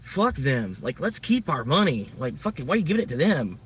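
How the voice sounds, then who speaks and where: Man, casual rant, swears a lot, rambling, slightly high voice, a bit away from the mic, faint night insects behind. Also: very animated, a little fast, a bit bright, far from the mic, a little hiss or hum. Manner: profane, rambling, frustrated. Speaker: livestreamer. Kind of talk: casual venting monologue.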